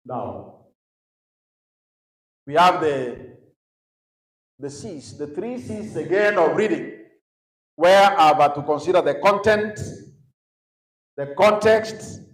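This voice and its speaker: A man with a Kenyan accent leads a teaching session for young people in a big hall. His voice sits fairly high, and the room gives it a roomy echo. He drops in Swahili phrases and leaves gaps for the crowd to finish his sentences. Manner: mixes English with Swahili phrases. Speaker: youth conference speaker. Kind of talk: teaching a session to a youth audience. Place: large echoey conference hall.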